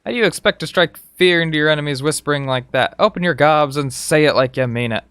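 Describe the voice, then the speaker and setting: A man reading out a gruff, harsh male Marine drill sergeant from a video game, barking insulting commands. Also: on the high side, quick pace, fairly bright tone, no echo, natural voice. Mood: stern.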